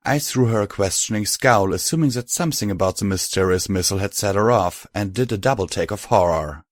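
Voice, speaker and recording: Low-voiced man reading an audiobook. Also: a little fast, no room sound, studio quality. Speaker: audiobook narrator. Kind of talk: scripted narration.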